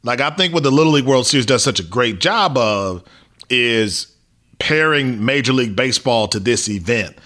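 A man co-hosting a sports talk show, giving his picks in a relaxed, easygoing way. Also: medium pitch, normal speed. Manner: relaxed, easygoing, uneven pace. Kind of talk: casual sports chat.

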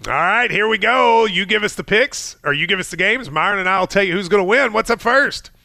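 Bright-voiced animated man picking games. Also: high voice, creaky, dry recording. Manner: animated, playful, quick to argue. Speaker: sports show co-host. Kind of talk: casual sports chat.

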